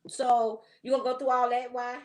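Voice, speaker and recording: Woman host; opinionated, slangy vlog talk aimed straight at the viewer, pitched a bit high. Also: flat delivery, moderate pace, rough recording. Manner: chatty, opinionated, slangy, direct address. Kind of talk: casual commentary vlog.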